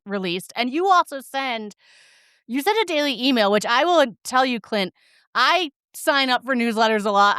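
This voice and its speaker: A woman's voice: on the high side, clear, resonant tone, dry recording, studio quality. A woman hosting a podcast, chatting in a casual way and heaping praise on her guest. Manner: chatty and warm in praise, with fillers and restarts. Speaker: podcast host. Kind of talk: casual interview chat.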